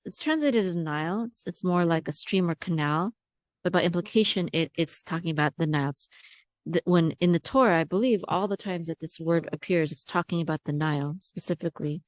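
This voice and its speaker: A woman's voice: deep voice, darkish tone, no echo. Patient woman teaching pronunciation, dry sound. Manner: patient, repeats words slowly for practice. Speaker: Hebrew teacher.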